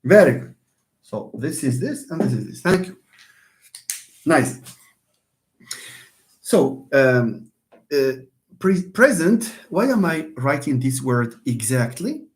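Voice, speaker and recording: Man, Moroccan accent, English teacher, lively pitch, repeats himself, calls on students. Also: slow pace, pauses often. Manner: switches between English and Darija, repeats key points; animated, calls on students by name. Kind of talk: online classroom lesson.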